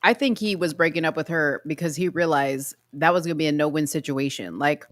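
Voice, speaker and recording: A woman co-hosting a casual reaction show, talking in an animated, opinionated and slangy way. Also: low voice, brisk, hardly any pauses, dry recording, studio quality. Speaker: co-host.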